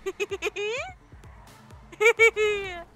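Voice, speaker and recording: Woman streamer, bright piercing voice, unhurried, cursing at traffic, game music faintly underneath. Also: extremely high pitch, expressive. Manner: brash, profane, yelling at other drivers; laughs often. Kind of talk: casual gameplay commentary.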